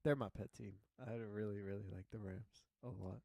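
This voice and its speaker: A laid-back young man chats on a casual sports podcast, dropping casual slang. His voice sits low, with a gravelly, mellow tone. The recording is close and dry. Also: steady tone, moderate pace, dry recording. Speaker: podcast co-host.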